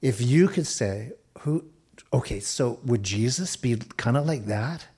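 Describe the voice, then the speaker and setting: A man preaching a sermon, expressive, shifting his pace and dropping softer for quoted lines. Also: medium pitch, a little slow, breathy edge. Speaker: pastor.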